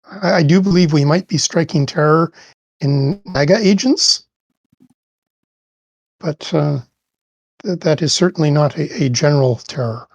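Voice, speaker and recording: A tabletop player voicing a naive, logical young heroine who speaks slowly and carefully. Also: mid-range voice, dry recording. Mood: earnest. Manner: slow, careful, literal.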